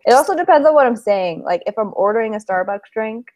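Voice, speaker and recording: A woman's voice: fairly high pitch, expressive, fast, darkish tone. A young woman co-hosting a casual podcast chat, telling stories and laughing often. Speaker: podcast co-host.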